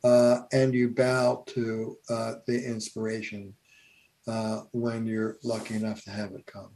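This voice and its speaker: A man's voice: lowish voice, measured pace. A man, a family therapist, telling stories in a podcast conversation, with lots of "uh" fillers. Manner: animated storyteller, many fillers.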